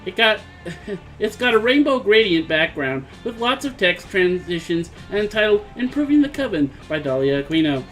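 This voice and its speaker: A man's voice: high-pitched, very animated, moderate pace, a bit bright, faint music behind, poor audio. A man reading visual novel narration aloud during a casual let's play stream. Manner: casual reading with slips and chuckles. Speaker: game player reading narration.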